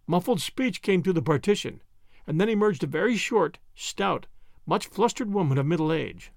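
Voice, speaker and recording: Gravelly, animated male audiobook narrator. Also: a little high, normal speed, dry recording, clean studio sound. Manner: animated reading.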